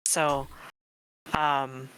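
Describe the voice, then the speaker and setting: A woman with a rural Canadian accent in casual chat, animated and swearing freely. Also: extremely low pitch, extremely slow, a little hiss or hum, rough recording.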